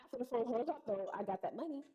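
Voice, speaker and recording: A woman's voice: on the high side, fast talker, low-quality recording. A woman telling a personal story in a casual, slangy way, acting out what people said. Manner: animated, slangy retelling with acted-out quotes.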